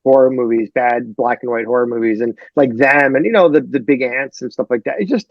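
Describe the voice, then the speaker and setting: A man from Detroit, a novelist guest on a podcast, talking in a rambling, animated way full of fillers. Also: medium pitch, a little fast, dry recording, dull audio. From Detroit, USA. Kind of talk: casual podcast chat.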